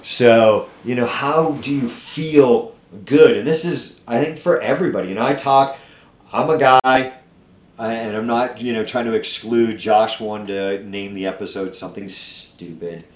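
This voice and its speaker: Speaking at a normal speed and medium pitch, a middle-aged man who owns a gym hosts a laid-back podcast. He's blunt, profane and pumped up like a motivator, and the recording has an echo to it.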